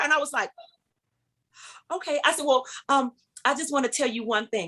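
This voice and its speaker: A middle-aged woman, a singer, telling a long story in an interview and acting out the voices of the people in it with big jumps in pitch. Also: animated, fast, sharp tone. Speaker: guest, singer.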